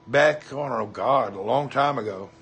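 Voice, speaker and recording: Husky folksy Southern man chatting. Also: medium pitch, unhurried, a bit bright. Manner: folksy, chatty, greets viewers by name. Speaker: livestream host. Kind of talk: casual livestream chat reading comments.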